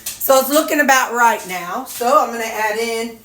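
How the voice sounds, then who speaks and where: A woman's voice: fairly high pitch, moderate pace, fairly bright tone, slight background noise. A woman vlogger cooking at home in a casual, folksy way, chatting to her viewers and dogs. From Missouri, USA. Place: home kitchen. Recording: echoey kitchen with sizzling skillet.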